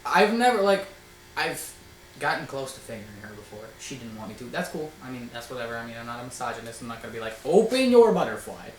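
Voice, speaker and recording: A young man hosting a casual storytelling chat, loud and laughing, swearing often and acting out quotes. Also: medium pitch, expressive, fast talker, echoey room, low-quality recording. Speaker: host.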